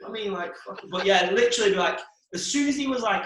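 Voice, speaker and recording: Sweary lad telling stories, echoey room. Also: male voice, high voice, animated, fast talker, fairly bright tone, a little hiss or hum. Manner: swearing, storytelling, laughs mid-story. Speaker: podcast co-host. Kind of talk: casual chat.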